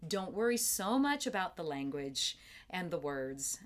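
A woman's voice: lowish voice, very animated, measured pace. A middle-aged woman theatre director in an interview, explaining terms thoughtfully and carefully, with plain enthusiasm for the craft. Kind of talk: interview conversation.

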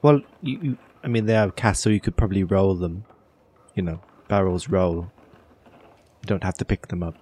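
A man's voice: low-pitched, fairly even intonation, normal speed, a little mellow, slightly rough. A man voicing a fussy, over-polite townswoman who rambles and stumbles over her words. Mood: fussy chatty. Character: chatty fussy woman of the town.

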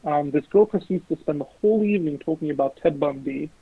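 A young man casually telling animated, sweary stories about his dating life. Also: a little high, fast talker, vocal fry, breathy edge, dry recording. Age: young adult. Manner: animated, swearing, mimics voices in quotes. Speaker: guest. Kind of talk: casual storytelling. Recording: lo-fi phone-like recording.

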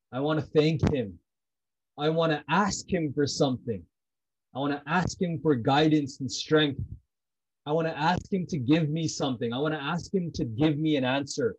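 Intense, husky man on a dull recording. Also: on the high side, moderate pace. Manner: intense, repetitive, blunt, swears freely. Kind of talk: heartfelt personal talk about prayer.

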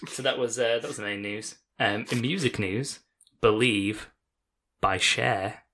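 A man's voice: medium pitch, normal speed, fairly bright tone, slightly rough. A British man hosting a casual podcast, reading a news segment with jokes and frequent laughs. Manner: laughs often, reads notes with jokes.

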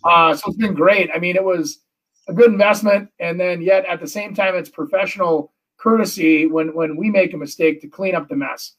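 A middle-aged man, a real estate agent, telling a story in casual chat, animated and full of restarts. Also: high voice, moderate pace, far from the mic, poor audio. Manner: animated, acts out quotes, many restarts.

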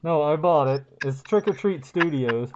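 A man speaking muffled from inside a full-head mask, giving dry, deadpan replies on a live stream. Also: on the high side, moderate pace. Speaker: co-host. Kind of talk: casual livestream chat. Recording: lo-fi stream audio with background noise.

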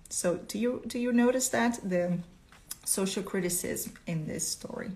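Expressive woman reading a story aloud. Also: on the low side, normal speed. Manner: expressive, asks listeners questions. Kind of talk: storytelling lesson.

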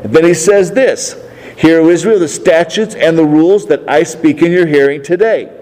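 A pastor preaching a sermon in a church hall, emphatic and full of rhetorical questions to the congregation. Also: male voice, fairly high pitch, moderate pace, darkish tone. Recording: long reverb of a large hall.

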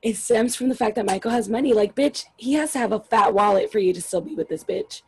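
A woman's voice: a little high, quick pace, a little mellow, slightly rough. A woman in casual chat about a reality show, blunt, opinionated and swearing freely.

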